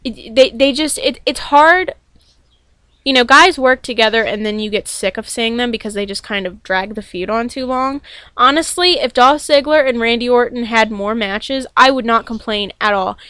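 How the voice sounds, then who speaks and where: A woman's voice: a little high, normal speed, fairly bright tone, clean tone, dry recording. A young woman rambling casually about a show she watched, gushing and full of ums and restarts. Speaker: wrestling fan reviewing a show. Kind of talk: casual opinion vlog.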